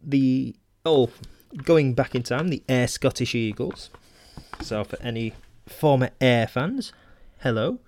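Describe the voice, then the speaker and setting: A man talks through old magazine clippings on his own podcast, stopping for ums, restarts and wry asides between the read passages. His voice sits at an ordinary middle pitch for a man. The recording is dry and close, with no room sound around it. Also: expressive, takes it slowly, a little mellow, dry recording. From Manchester, England. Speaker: podcast host. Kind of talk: casual solo podcast reading old magazine articles aloud.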